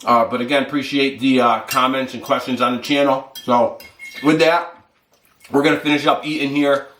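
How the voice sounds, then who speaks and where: A man's voice: mid-range voice, steady tone, normal speed, fairly bright tone, reverberant, slight background noise. A man hosting a fitness vlog, chatting casually and rambling with lots of fillers while he eats. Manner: rambling, filler-heavy, talks with mouth full. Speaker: fitness channel host.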